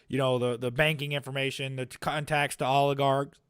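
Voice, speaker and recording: A man's voice: medium pitch, level tone, brisk, fairly bright tone, clean tone. A man co-hosting a political podcast, talking in an emphatic, argumentative way and often repeating words as he starts a point. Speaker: podcast co-host. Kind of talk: political commentary chat.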